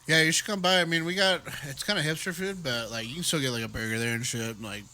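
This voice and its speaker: A man's voice: a little high, steady tone, quick pace, sharp tone. A man who works as a cook, chatting casually on a podcast in an enthusiastic, profane way. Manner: enthusiastic and profane, says "like" a lot. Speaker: cook at a hotel restaurant.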